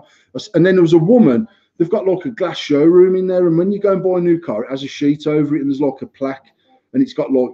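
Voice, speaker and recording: A British man in his thirties tells a heated story on his podcast, swearing freely and getting animated. His voice is mellow and husky, sitting a bit high. The recording is dull and lo-fi. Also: fast talker. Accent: British English. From United Kingdom. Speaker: podcast host. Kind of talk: casual chat, ranting anecdote. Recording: slightly muffled lo-fi recording.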